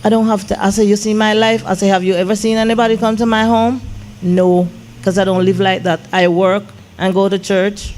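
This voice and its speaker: Slight background noise accompanies this woman's medium-pitched voice at normal speed. She is a gospel singer-songwriter being interviewed, recounting an emotional story with animation and returning again and again to "I said" in her retellings.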